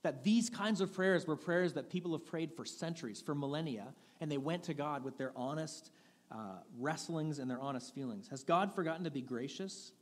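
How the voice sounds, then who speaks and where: A man's voice: a little high, normal speed, in a large hall. A man preaching a sermon as pastor, in a candid, conversational manner with frequent restarts. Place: church sanctuary.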